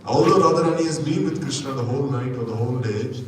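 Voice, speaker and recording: A man's voice: mid-range voice, fast talker. Man lecturing in an echoey hall. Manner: explains scripture at length, tag questions. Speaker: spiritual teacher. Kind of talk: scripture lecture. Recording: echoey hall from far off, faint noise.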